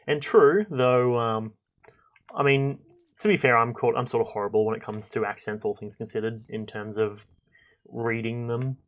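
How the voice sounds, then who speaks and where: A young man streaming a game, chatting casually and thinking out loud with lots of fillers and restarts. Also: mid-range voice, normal speed. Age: young adult. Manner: rambling, chatty, thinks aloud with many fillers. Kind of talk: casual gameplay commentary.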